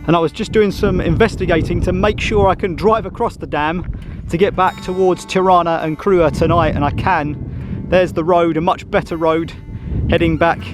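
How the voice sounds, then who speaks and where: A man walking outdoors on a mountain trail, chatting casually to a handheld camera as he vlogs his trip, a little out of breath. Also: on the high side. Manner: chatty, thinking aloud while walking. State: slightly out of breath on a hike. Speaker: travel vlogger. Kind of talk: casual travel vlog narration.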